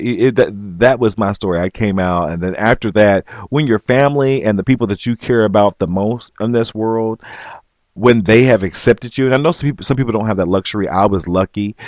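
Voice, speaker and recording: A man earnestly telling his own story on a vlog, halting and restarting often but emphatic. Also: low voice, a little mellow, dry recording. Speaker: vlogger. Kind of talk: personal storytelling.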